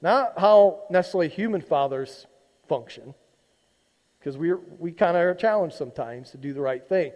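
A man preaches in a loose, conversational way, poking fun at his listeners as he retells a scripture passage. His voice sits high for a man. The sound carries the long echo of a church sanctuary. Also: animated, normal speed, a little mellow. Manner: conversational preaching, teasing the congregation. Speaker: pastor. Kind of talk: sermon.

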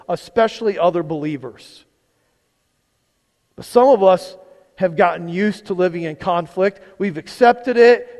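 Long hall reverb fills this recording of a pastor in a church sanctuary. He speaks with a high, somewhat mellow male voice, delivering a conversational sermon in which he repeatedly asks the congregation questions and repeats words.

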